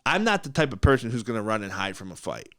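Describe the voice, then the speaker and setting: A podcast host tells a story in a blunt, animated way, with his pitch swinging up and down. His voice is dry and close to the mic, with no room sound. He acts out quotes and laughs easily. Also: fast talker, no echo. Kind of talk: casual storytelling.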